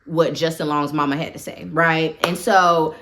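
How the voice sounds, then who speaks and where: A woman's voice: deep voice, steady tone, moderate pace, a bit bright, a little hiss or hum. A woman casually recapping a horror film for her channel, talkative and full of opinionated asides. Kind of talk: casual movie recap commentary.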